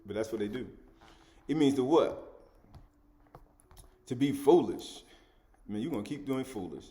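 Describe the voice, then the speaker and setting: A man's voice: medium pitch, lively intonation, a little slow, dark tone. A man giving an informal spoken Bible study, chuckling often, repeating words and asking the listener "right?" as he goes. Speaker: scripture teacher.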